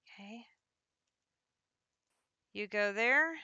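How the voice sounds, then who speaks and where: A woman's voice: mid-range voice, very slow, pushed and bright, clear, resonant tone, dry recording, lo-fi sound. A woman streaming a game live, chatting to herself as she counts out and places items. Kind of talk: live gameplay commentary.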